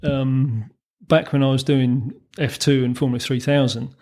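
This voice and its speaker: A gravelly-voiced man in his fifties, sharing long anecdotes as an interview guest. He chuckles as he talks and loops back with ums and false starts, a rough grain running under his ordinary mid-range voice. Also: mid-range voice, steady tone, moderate pace, darkish tone. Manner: anecdotal, chuckles through his stories, many ums and restarts. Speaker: guest, former racing mechanic. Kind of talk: storytelling in a podcast interview.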